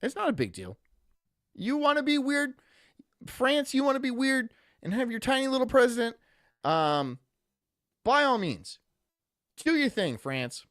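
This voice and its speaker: A man's voice: very high-pitched, big pitch swings, a little slow, pauses often, fairly bright tone, dry recording, studio quality. A man streaming casually, reading chat aloud and rambling through jokey asides.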